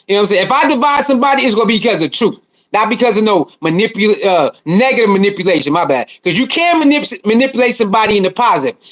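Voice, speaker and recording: High-voiced animated livestream host. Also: male voice. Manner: animated, repetitive, slangy banter with viewers. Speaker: livestream host reading chat. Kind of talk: casual livestream chat.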